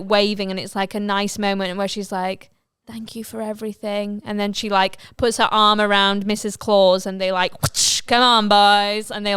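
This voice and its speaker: A woman's voice: medium pitch, clean tone, dry recording. A woman co-hosting a podcast, improvising a comic story and acting out its characters' lines. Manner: animated, acts out characters' lines. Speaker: podcast co-host. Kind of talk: improvised comedy chat.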